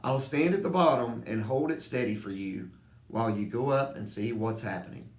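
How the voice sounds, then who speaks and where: A man's voice: mid-range voice, moderate pace, a little mellow, natural voice. A man voicing a sly, grumbling male police chief in a storybook reading, in an echoey room.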